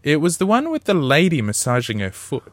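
Wry man, lively dry chat. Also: fairly high pitch, brisk, no echo. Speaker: podcast co-host. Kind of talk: casual podcast chat.

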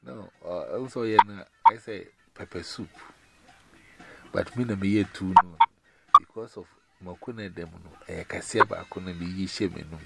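A very low, gravelly man rambles casually in broken pidgin English, laughing as he talks. The call recording is swamped by loud noise throughout. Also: moderate pace. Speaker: caller. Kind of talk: casual chat.

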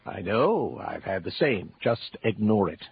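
An actor playing a blunt, weary judge in his eighties in a radio drama, gruff and dry. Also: fairly low pitch, big pitch swings, measured pace, full character voice. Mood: stern. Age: 80s. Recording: dull lo-fi radio broadcast with faint hiss.

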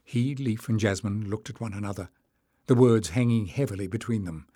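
Husky, dry-voiced man narrating. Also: lowish voice, mellow, no room sound. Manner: measured storytelling. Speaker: audiobook narrator. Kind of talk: scripted narration.

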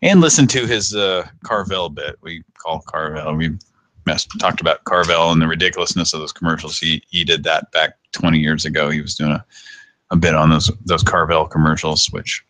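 A man's voice: very deep voice, moderate pace, bright, forceful tone, no room sound. A man hosting a radio show, chatting casually, laughing and swearing as he rambles. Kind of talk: casual chat.

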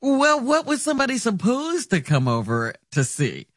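A man's voice: extremely high pitch, wildly swooping pitch, normal speed, a bit bright, no echo, studio quality. A man co-hosting a casual chat, mostly adding short reactions and questions.

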